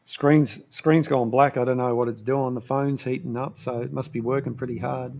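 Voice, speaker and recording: A man hosting a live stream, chatting casually and relaxed, fiddling with his phone setup. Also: medium pitch, moderate pace, gravelly. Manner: relaxed, short agreeing replies.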